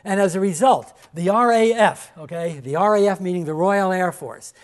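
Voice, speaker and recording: A man giving a classroom history lecture, halting with many fillers and restarts, repeating key points for emphasis and pointing to slides. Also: high-pitched.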